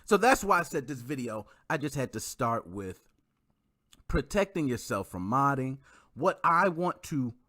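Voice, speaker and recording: Lively, bright-voiced man hosting a livestream. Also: mid-range voice, measured pace. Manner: animated, talks straight to viewers and greets chat. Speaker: livestream host. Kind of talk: casual livestream chat.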